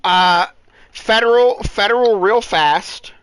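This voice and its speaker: Young man in his twenties, laid-back co-streamer, crisp bright tone. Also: sits high, slow pace, no room sound, low-quality recording. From England, American parents. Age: 20s. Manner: easygoing, laughs readily. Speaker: fellow racer and co-streamer. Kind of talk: casual chat during online racing.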